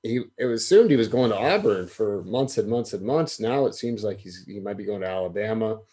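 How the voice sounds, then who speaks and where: Laid back guy hosting a sports podcast, lowish voice, keeps tossing out questions. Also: lively intonation, brisk, dark tone. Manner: easygoing, steering the talk with questions. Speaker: podcast host. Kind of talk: casual podcast chat.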